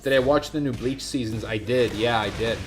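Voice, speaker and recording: A man talks loosely and at length while streaming, his voice sitting at an ordinary middle pitch. He rambles, drifts between tangents and answers his chat. Soft music plays quietly underneath him. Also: a little fast. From Sweden. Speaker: game streamer.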